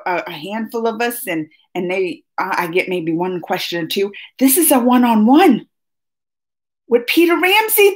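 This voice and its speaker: A woman hosting a casual live chat with her viewers, excitable and talkative, laughing often as she chats at home. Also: high voice. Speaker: livestream host. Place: at home, just woken up.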